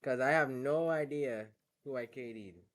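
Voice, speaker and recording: A man with a medium-pitched voice speaks at a measured pace while streaming a racing game. It's casual stream chat: easygoing, slang-heavy and punctuated by lots of laughter, in a West African English accent heard on the phone call.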